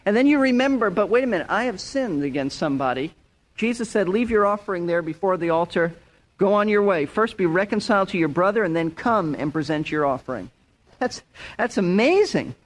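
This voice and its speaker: High-voiced man preaching a sermon. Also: animated, brisk. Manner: earnest, repeats words, acts out quoted people. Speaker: pastor. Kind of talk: verse-by-verse sermon.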